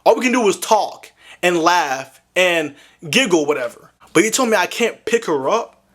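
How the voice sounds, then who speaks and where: Lively, animated young man. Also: sits high, moderate pace. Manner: animated, excitable, slangy, exclaims often. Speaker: gaming video host. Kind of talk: casual commentary to camera.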